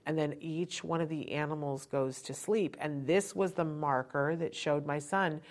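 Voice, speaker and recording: A woman host giving friendly parenting advice in a chatty way, often asking "right?" and dropping her voice to show how to wind down. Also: measured pace. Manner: lowers her voice to show winding down. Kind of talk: conversational advice talk.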